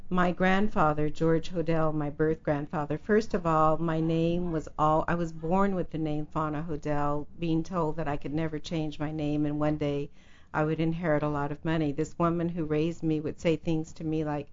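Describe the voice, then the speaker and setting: An American woman guest recounting her life story in an interview, animated and dramatic. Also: sits low, moderate pace, lo-fi sound. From United States. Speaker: guest, author.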